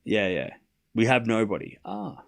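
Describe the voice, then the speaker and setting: Animated Australian man ranting to chat. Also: fairly low pitch, a little slow, vocal fry. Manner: animated, mocking, talks straight to chat. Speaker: livestream tennis host. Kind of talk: casual ranting chat to viewers.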